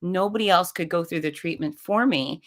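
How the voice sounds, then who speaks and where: A woman's voice: fairly low pitch, moderate pace. A middle-aged woman, a podcast guest, telling a personal story in conversation and acting out the voices she quotes. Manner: animated, acts out quoted voices.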